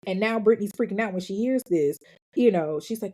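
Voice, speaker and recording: A woman's voice: mid-range voice, a little fast, warm tone. A woman podcast host telling a true-crime story in a casual, profane, sassy way, acting out the quotes.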